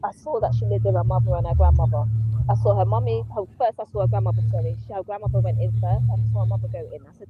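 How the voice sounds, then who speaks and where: A woman's voice: mid-range voice, quick pace, narrow, tinny audio, music in the background. A woman, bluntly telling a story on a podcast and swearing freely. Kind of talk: animated storytelling chat.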